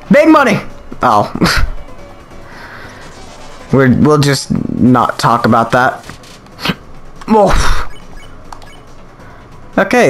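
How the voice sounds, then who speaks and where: Chatty man reacting while playing. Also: medium pitch. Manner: chatty, reactive, thinking aloud. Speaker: let's play host. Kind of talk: casual gameplay commentary.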